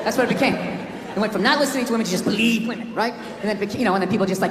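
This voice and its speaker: A middle-aged East Coast American man does stand-up in a large live comedy venue, ranting, swearing, and sometimes shouting in a high, racing voice. The live recording has long reverb, with loud audience laughter and crowd noise.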